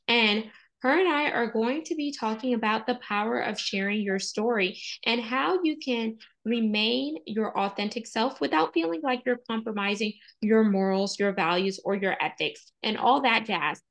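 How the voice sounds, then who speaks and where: A woman's voice: a little high, gravelly. A woman hosting a podcast interview, who introduces her guest with enthusiasm. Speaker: podcast host.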